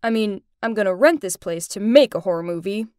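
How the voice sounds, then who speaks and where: A woman voicing a friendly, easygoing young male film director in an animated story, pitching her voice a little lower. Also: a little fast, clear, resonant tone, no echo, studio quality, lightly acted.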